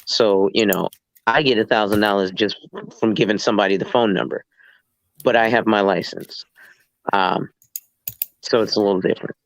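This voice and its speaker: A man, a licensed real estate agent, explaining the business in a casual chat and acting out deals in quick asides. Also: lowish voice, poor audio. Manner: animated, acts out dialogue in quick asides.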